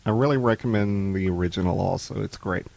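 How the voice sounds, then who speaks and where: A man's voice: low-pitched, fairly quick, vocal fry, darkish tone. A man co-hosting a casual podcast, easygoing, giving mostly short replies. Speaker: podcast co-host. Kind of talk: casual chat.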